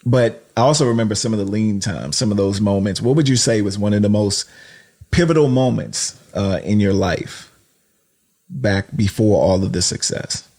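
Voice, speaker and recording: A man's voice: on the low side, normal speed, a little mellow. Encouraging man asking interview questions. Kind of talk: conversational interview.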